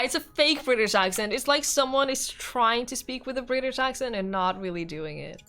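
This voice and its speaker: A woman streamer reading a visual novel aloud with expressive narration and laughing commentary. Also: fairly high pitch, normal speed, hardly any pauses, faint music behind.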